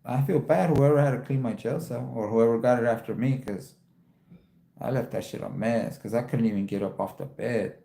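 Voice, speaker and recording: Gravelly man telling a profane story. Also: mid-range voice, normal speed, mellow, roomy sound. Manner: profane storytelling, voice jumps up when quoting himself. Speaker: livestream host. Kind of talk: casual livestream chat.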